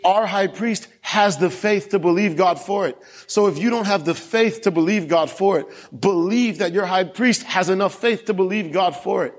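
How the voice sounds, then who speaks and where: A man's voice: high-pitched, moderate pace, in a large hall. A young man preaching a sermon, telling a family story and asking the congregation questions. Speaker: pastor. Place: church.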